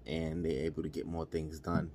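A man's voice: rumbling low, monotone, normal speed, dark tone, slight background noise. A man talking casually and repetitively, encouraging listeners to work as a team. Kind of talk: motivational monologue.

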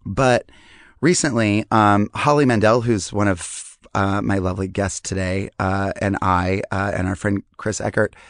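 A man with a hoarse, strained voice hosting a podcast in a rambling, self-deprecating, chatty monologue. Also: lowish voice, steady tone, unhurried, no echo, clean studio sound. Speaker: podcast host. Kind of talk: casual monologue.

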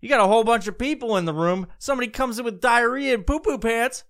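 A man's voice: extremely high pitch, quick pace, vocal fry, fairly bright tone. A young man hosting a podcast, ranting comedically with heavy profanity and exasperation. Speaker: podcast host. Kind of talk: comedic rant.

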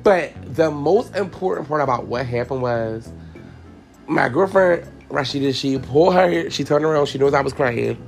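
A man's voice: mid-range voice, expressive, moderate pace, vocal fry, soft background music. A young man, a podcast host and hairstylist, candidly telling a personal story in an emotional, frank way, swearing freely and calling his listeners y'all.

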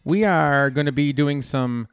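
A man's voice: on the high side, clean tone, dry recording, clean studio sound, faint music behind. A man co-hosting a casual comedic podcast, goofy and jokey, stretching words for laughs. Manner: goofy, jokey, playful drawn-out emphasis. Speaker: podcast co-host.

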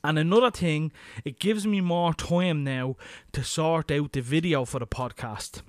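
Irish guy rambling on his podcast, swears a lot, kinda high voice, dry close sound. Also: measured pace, dry recording. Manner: crude, swearing, chatty and matter-of-fact. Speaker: podcast host. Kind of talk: casual solo podcast monologue.

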